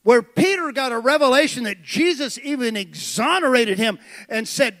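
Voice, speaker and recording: A man preaching a sermon with passion, building to shouted high points. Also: expressive, moderate pace. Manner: impassioned preaching that swells to shouts.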